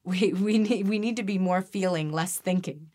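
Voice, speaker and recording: A woman's voice: on the low side, moderate pace, dark tone. A woman guest on a podcast, talking earnestly and animatedly about energy healing, often restarting her sentences. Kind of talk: conversational interview.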